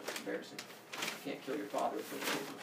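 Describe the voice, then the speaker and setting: A male teacher tells a myth to his class in a playful, animated way, with a lively voice. He is recorded from a distance in an echoey classroom with faint background hum. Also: medium pitch, rapid-fire, gravelly. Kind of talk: storytelling to a class. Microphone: far camera. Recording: echoey classroom, camera far off.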